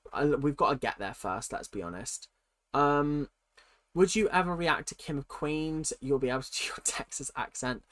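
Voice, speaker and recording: Chatty streamer with a cold. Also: male voice, mid-range voice, fairly bright tone. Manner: chatty and candid, answering questions as they come. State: has a cold. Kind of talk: casual livestream chat, reading viewer questions aloud.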